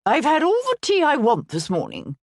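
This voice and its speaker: A woman voicing a grand, sharp-tongued old dowager who speaks bluntly and imperiously. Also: high-pitched, wildly swooping pitch, normal speed, no room sound, studio quality, voice pushed up, heavily acted.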